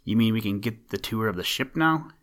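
A man reads the lines of a curious young girl in a storybook tale. The voice stays near his own, soft and eager. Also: on the low side, animated, a little fast. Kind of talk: storybook reading.

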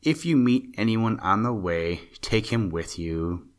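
A man voicing a kindly magical male mannequin who gives slow, measured instructions in a storybook tale. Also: lowish voice, lively intonation. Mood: instructing.

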